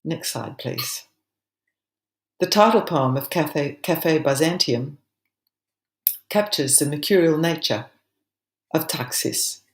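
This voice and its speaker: An older woman giving a seminar talk with slides, then reading a poem aloud in a measured, expressive way with deliberate pauses. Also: low-pitched. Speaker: seminar presenter. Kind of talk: illustrated lecture with a dramatic poem reading. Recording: echoey room sound.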